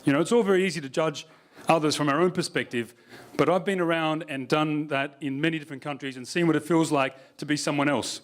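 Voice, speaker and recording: A man's voice: fairly high pitch, steady tone, fast. A man giving a stand-up comedy keynote on a live stage, wry and conversational with the audience. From Australia. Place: live stage at a university event.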